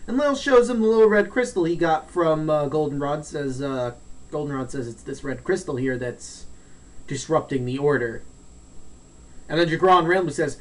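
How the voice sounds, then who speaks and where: A man's voice: a little high, moderate pace. A man talking through a game's plot in an offhand, joking way, often trailing into asides. He sits a little back from the mic, so his voice sounds somewhat distant. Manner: rambling, jokey, acts out character lines. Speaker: let's play host. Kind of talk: casual game story recap.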